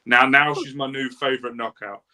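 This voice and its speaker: A man's voice: mid-range voice, steady tone, a little fast, bright, forceful tone. A young English man hosting a casual wrestling review show, rambling and jokey. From England. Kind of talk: casual chat.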